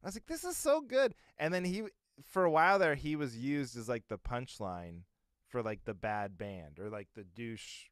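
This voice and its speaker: A man's voice: medium pitch, normal speed, a bit bright, clear, resonant tone, dry recording, studio quality. A man co-hosting a podcast in casual, rambling chat, full of fillers and asides. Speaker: podcast co-host.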